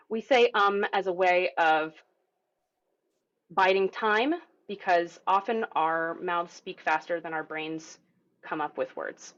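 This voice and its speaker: A woman teaching a group voice lesson over a video call, in a casual, encouraging way, with filler words. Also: fairly low pitch. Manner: casual, encouraging, demonstrates vocal sounds. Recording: dull lo-fi video call audio.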